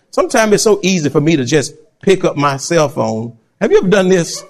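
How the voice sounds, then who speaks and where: A man preaching a sermon, animated and laughing often, swinging between loud and soft. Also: on the high side. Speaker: pastor.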